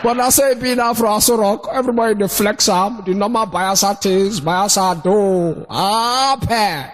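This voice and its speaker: A man with a Nigerian Pidgin accent, doing animated stand-up storytelling and shouting his punchlines. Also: sits high, normal speed, hardly any pauses. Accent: Nigerian Pidgin English. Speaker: stand-up comedian. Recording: noisy recording.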